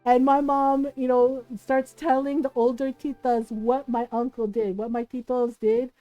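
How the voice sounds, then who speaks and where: A woman's voice: high-pitched, flat delivery, measured pace, no echo, muffled recording, faint music behind. A woman streamer telling a family story in casual chat, swearing freely and tagging lines with "right?".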